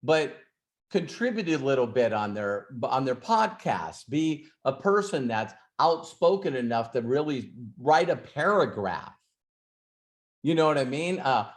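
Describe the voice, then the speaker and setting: A man's voice: medium pitch, sing-song, measured pace. Rambling male host telling a story. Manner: rambling, frequent restarts and asides. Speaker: host of an ask-me-anything session. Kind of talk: casual storytelling and advice.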